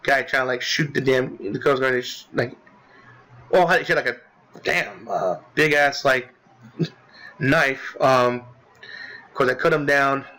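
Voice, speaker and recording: A man casually recapping a game he played, rambling with lots of filler words and restarts, swearing as he gets excited. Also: medium pitch, measured pace, long pauses, poor audio. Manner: profane, excitable. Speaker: gaming commentator.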